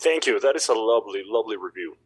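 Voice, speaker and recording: Man, podcast co-host, husky, short laughing replies, casual. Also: lowish voice, lively intonation, quick pace, poor audio.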